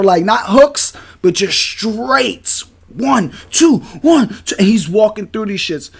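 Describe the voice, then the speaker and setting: A man, a podcast co-host telling a story in a casual, animated and profane way. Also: high voice, vocal fry.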